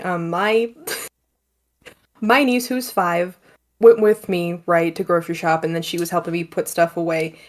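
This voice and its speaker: A woman telling stories in casual chat with a friend, swearing freely and laughing often. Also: on the low side.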